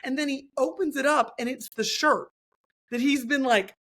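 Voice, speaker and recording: A woman's voice: high voice, normal speed. A young woman co-hosting a podcast, chatting casually and acting out other people's lines as she tells stories. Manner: animated storytelling, acts out others' lines. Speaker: podcast co-host. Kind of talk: casual chat.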